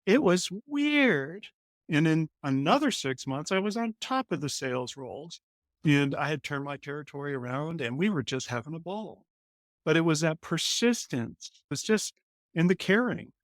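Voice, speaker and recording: A man from Colorado, a company CEO, telling a lively story as a guest in an interview and acting out the voices of the people in it. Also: on the high side, moderate pace, no echo. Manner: animated, acts out quoted lines in other voices.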